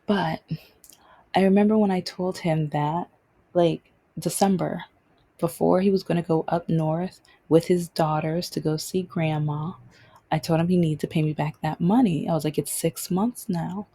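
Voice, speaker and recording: A woman's voice: deep voice, steady tone, normal speed, dark tone, husky. A woman hosting her own vlog, telling a personal story in a casual, rambling way with many restarts. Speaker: vlog host.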